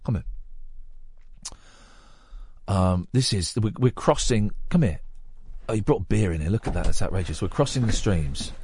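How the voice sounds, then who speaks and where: With a slightly rough voice at a moderate pace, a male radio host rambles and jokes through casual late-night chat, his pitch moving in lively swings. He speaks into a studio microphone.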